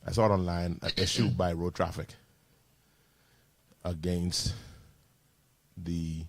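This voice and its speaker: A pastor with a Bahamian accent hosting a casual radio panel talk, reading out listener messages and steering the topics. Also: male voice, sits low, fairly even intonation, takes it slowly, no room sound. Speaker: pastor and radio show host. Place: radio studio.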